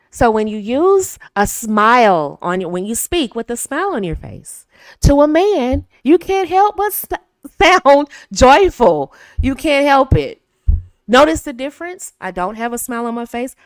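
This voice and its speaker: A woman's voice: a little high, sing-song, moderate pace, no room sound, clean studio sound. An American woman in her thirties, hosting and giving confident, casual dating advice to women, often laughing and acting out bits of dialogue.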